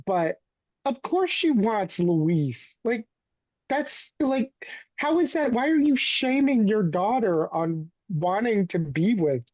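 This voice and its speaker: A woman's voice: mid-range voice, big pitch swings, takes it slowly, darkish tone, dry recording, dull audio. A woman co-hosting a podcast, giving emphatic opinions in casual chat about a soap opera. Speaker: podcast co-host.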